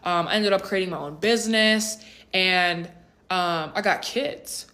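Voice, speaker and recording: A woman's voice: fairly low pitch, unhurried, pushed and bright. A woman voicing a friendly grown man, a former classmate, in an easygoing casual way.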